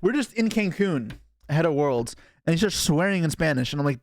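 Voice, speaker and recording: A man's voice: a little high, animated, brisk, no echo, studio quality. A young man from Canada chatting casually on a live stream, rambling and self-deprecating as he reacts to chat.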